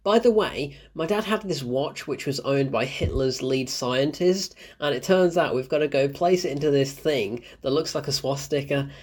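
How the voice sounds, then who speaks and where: A man's voice: mid-range voice, moderate pace, few pauses. A young man talks through a film review in his own casual show. He laughs often and breaks into exasperated, incredulous asides, his voice climbing when something baffles him.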